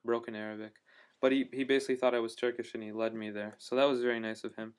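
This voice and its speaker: Smooth-voiced man rambling in a video diary. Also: mid-range voice, little pitch movement, quick pace. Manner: rambling, full of fillers and restarts; enthusiastic storyteller. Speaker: travel vlogger.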